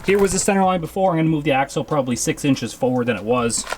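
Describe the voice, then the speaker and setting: A Canadian vlogger's voice runs high, expressive and somewhat dark as he talks rapid-fire about his drag lawnmower build. He keeps it casual, joking and mildly profane, in an echoey home garage with faint noise.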